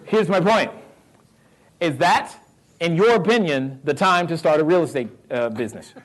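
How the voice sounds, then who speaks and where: Middle-aged Southern American man, fairly high-voiced motivational speaker who works the crowd with questions and laughs. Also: normal speed. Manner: animated, questions the audience, laughs often. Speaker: real estate investor speaking to a live audience. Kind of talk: motivational talk.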